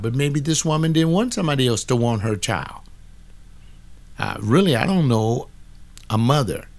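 Gravelly older man, blunt and preachy. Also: mid-range voice. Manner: blunt, preachy, talks back to an imagined listener. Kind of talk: casual spoken commentary on a book.

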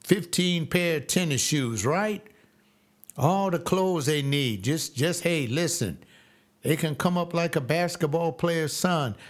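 A man's voice: a little high, slow. Emphatic older preacher man. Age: 70s. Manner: emphatic, repetitive, animated with voices. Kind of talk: sermon.

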